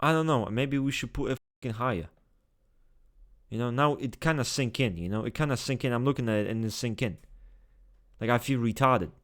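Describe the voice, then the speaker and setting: A man hosting a casual tier-list video, talking straight to his viewers in a blunt, excitable, swear-heavy way. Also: medium pitch, brisk, long pauses. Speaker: typology video host.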